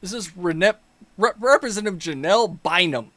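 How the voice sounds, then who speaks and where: A fired-up man with a fairly high voice rants through a political commentary, swearing freely and mocking the people he criticizes. The sound is dry and close, with almost no room echo. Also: lively intonation, moderate pace, a bit bright. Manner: angry, profane, mocking. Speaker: commentary channel host.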